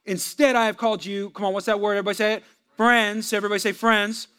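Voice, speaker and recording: Animated high-voiced male preacher. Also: quick pace, clear, resonant tone. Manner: animated preaching, swings from loud to hushed. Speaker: pastor. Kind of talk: sermon.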